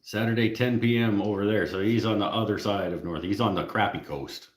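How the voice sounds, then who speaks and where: A man's voice: on the low side, steady tone, brisk, echoey room. A Canadian man with a Canadian accent, hosting a casual live stream, joking with viewers and laughing at his own jokes. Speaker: livestream host.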